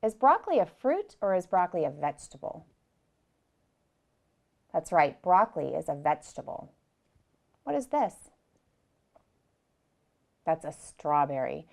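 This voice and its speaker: A young woman teaching preschoolers, gentle and patient, speaking slowly and clearly and repeating her directions. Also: sits low, sing-song. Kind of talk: slow, clear lesson for young children.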